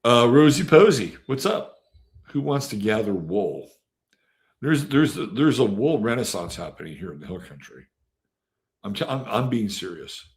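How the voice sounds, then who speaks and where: This astrology host runs a casual live stream where he calls out viewers' names and rambles chattily with many fillers and sudden bursts of volume. He has a fairly low voice with big pitch swings and a moderate pace.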